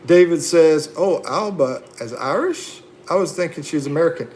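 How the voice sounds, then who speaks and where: A man's voice: fairly high pitch, expressive, normal speed, darkish tone, a little hiss or hum. A man hosting a casual livestream, reading viewer comments aloud and chatting back with laughs and fillers. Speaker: livestream host.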